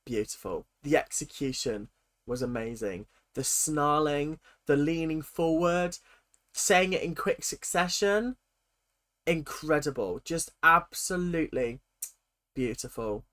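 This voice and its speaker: A woman's voice: sits low, slow pace, fairly bright tone. A woman hosting a reaction video, giving sarcastic, giggly, mock-outraged commentary.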